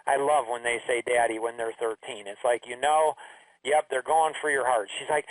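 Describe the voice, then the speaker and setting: A man's voice: medium pitch, fairly even intonation, moderate pace, dry recording, recorded from a distance, poor audio. A middle-aged man hosting a radio talk show, telling a story casually and acting out the family dialogue he quotes.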